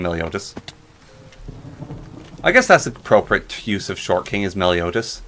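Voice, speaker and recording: A man's voice: on the low side, big pitch swings, normal speed, a bit bright, a little hiss or hum. A man casually rambling and joking while narrating his gameplay. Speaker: gaming channel host.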